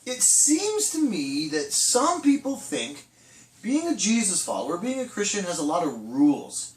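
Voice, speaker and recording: A man's voice: high voice, big pitch swings, unhurried, a little hiss or hum. A middle-aged man leading a casual children's church talk, chatty with restarts and acted-out quotes. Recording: echoey room, from a distance.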